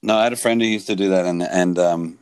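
A man's voice: sits low, quick pace, a little mellow, smooth, no room sound. A man hosting a casual podcast chat, wry and joking. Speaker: podcast host.

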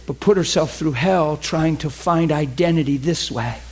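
A man's voice: fairly high pitch, moderate pace, faint music behind. A man preaching a sermon with passion, telling stories and pressing his point.

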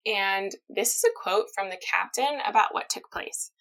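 Woman podcast host, bright tone, chatty true-crime storyteller. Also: medium pitch, moderate pace, poor audio. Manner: chatty, reads quotes aloud, laughs easily. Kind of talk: casual storytelling chat.

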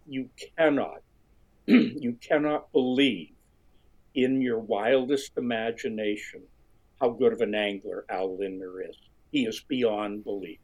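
A middle-aged man with a husky voice, telling a lively story as an interview guest, often restarting his sentences. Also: poor audio. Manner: animated storyteller, restarts often, jumps high when quoting others. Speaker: guest, fishing writer. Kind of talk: storytelling conversation.

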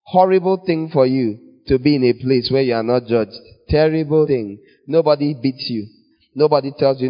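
A man preaching a sermon in an animated way, acting out little scenes in other voices. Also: mid-range voice, normal speed. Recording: dull long reverb of a large hall.

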